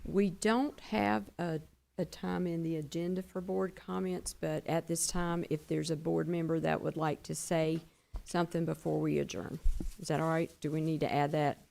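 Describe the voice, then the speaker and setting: A woman chairs a board meeting in brief, procedural remarks. Her voice is low for a woman and heavily gravelly with vocal fry. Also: little pitch movement, moderate pace, darkish tone.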